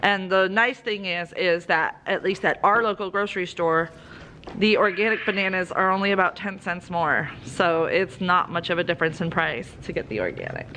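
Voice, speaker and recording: A woman in her thirties with a Southern American accent, chatting casually while doing farm chores outdoors, cooing softly to her animals now and then. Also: fairly low pitch, animated, moderate pace, a little hiss or hum. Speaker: homestead vlogger.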